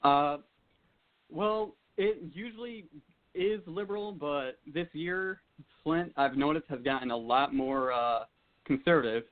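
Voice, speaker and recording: Guy from michigan calling in, halting, kinda high voice, dry tinny phone sound. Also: no echo. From Michigan, United States. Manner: hesitant, halting. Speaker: caller. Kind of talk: call-in radio question.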